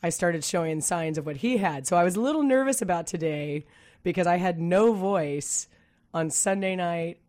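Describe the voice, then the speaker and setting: A woman co-hosting a radio talk show, her voice husky from a cold, chatty and quick to laugh, sometimes stumbling over her words. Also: lowish voice, a little mellow. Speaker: real estate agent and co-host. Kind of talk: casual radio chat. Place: radio studio.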